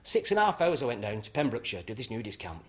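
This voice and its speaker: An actor playing a brash club comedian, telling rambling anecdotes that end in punchlines. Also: male voice, medium pitch, big pitch swings, fast talker, close to an everyday voice. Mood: cheeky. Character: brash northern male club comic. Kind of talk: stand-up routine.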